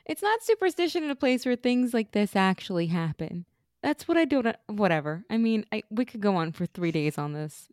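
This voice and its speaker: A woman's voice: mid-range voice, very animated, brisk, darkish tone, dry recording, studio quality. A woman co-hosting a podcast in casual chat, making wry, sarcastic quips. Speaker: podcast co-host.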